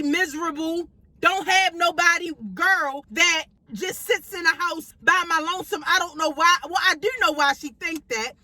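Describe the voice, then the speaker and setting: A high, bright-voiced woman vents straight to camera from inside her car. Her delivery is confrontational and profane, and she hammers her points home by repeating them. The sound is dry and close. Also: dry recording, rough recording. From Baltimore, USA. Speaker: vlogger. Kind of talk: ranting vlog monologue.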